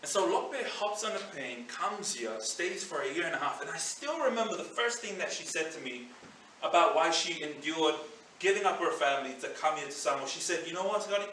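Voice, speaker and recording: A male pastor gives a sermon in a loose, storytelling way, often checking in with "you know". His voice sits high and sounds very bright. He is picked up from a distance in a church hall with lots of echo. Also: lively intonation, brisk, a little hiss or hum. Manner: conversational, leans on "you know".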